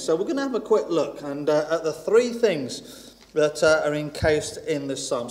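A man's voice: high voice, darkish tone. A man preaching a sermon in a chatty, self-deprecating way, stressing points by repeating them. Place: church hall. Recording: echoey church hall with long reverb.

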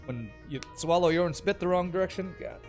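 A man's voice: high voice, a little fast, darkish tone, soft background music. Chatty male game streamer. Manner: chatty, rambling, thinks aloud. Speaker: streamer playing a strategy game. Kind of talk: casual gameplay commentary, reading chat.

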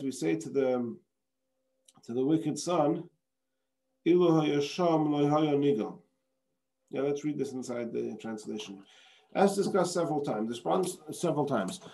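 Man, rabbi teaching a class, fairly high voice, warm mellow tone, rhetorical questions. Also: creaky. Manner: reads a passage, then explains it with rhetorical questions; sprinkles Hebrew terms and frequent restarts. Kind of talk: explaining a text.

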